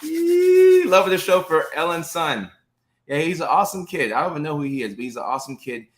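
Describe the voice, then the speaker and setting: His voice is fairly high, fast and fairly bright as this man in his thirties chats on a casual live stream. Recorded indoors on a close-up phone or webcam, he welcomes viewers by name in an upbeat way, with frequent fillers.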